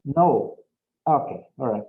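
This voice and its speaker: A man's voice: medium pitch, animated, takes it slowly, narrow, tinny audio. A man teaching an English class over a video call, patient and encouraging. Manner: patient, encouraging, repeats okay often.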